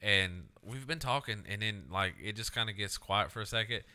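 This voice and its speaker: A man co-hosting a casual chat podcast, telling animated stories, mimicking friends and swearing freely. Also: lowish voice, moderate pace, clean tone. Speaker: podcast co-host.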